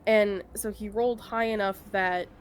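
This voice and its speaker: A woman chats casually on a gaming stream, rambling through a story with lots of fillers and bursts of laughter. Her voice sits at a middle pitch, with faint noise behind. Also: steady tone, normal speed.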